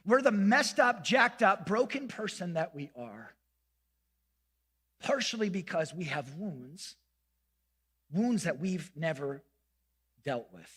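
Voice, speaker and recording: Male pastor, lively self-mocking storyteller, high bright voice, church sermon. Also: slow, pauses often, husky, in a large hall. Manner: animated, self-mocking storyteller acting out quotes. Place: church sanctuary.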